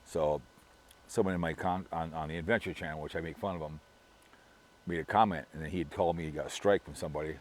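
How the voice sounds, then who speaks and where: A man's voice: a bass voice, steady tone, fast, a little hiss or hum. A middle-aged man from Minnesota talking to his viewers in a rambling, gossipy way, full of restarts and repeated words. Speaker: vlogger. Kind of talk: casual rambling monologue.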